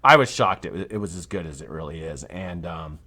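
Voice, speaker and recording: A man's voice: deep voice, lively intonation, normal speed, sharp tone. A man hosting a live vape review show, talking casually and enthusiastically and swearing freely.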